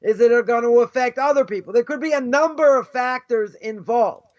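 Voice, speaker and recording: High-voiced rabbi, animated storytelling lecture. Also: male voice, moderate pace. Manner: animated, repeats "right?" often, acts out quoted voices. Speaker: rabbi teaching Jewish ethics. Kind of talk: informal lecture with stories. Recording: dull lo-fi sound.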